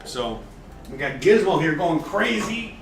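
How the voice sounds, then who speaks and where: A man's voice: fairly high pitch, big pitch swings, unhurried, roomy sound, noisy background. A man hosting a casual cooking livestream, chatting and explaining each step, cursing now and then. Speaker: cooking show host.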